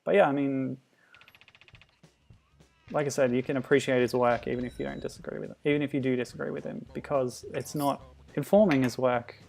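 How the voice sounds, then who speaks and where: Gravelly-voiced man chatting over gameplay. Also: medium pitch, fairly even intonation, fairly quick, darkish tone, faint music behind. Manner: chatty, amused, laughs often, reacts to the game; answers chat comments aloud. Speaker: streamer. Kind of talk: casual gameplay commentary.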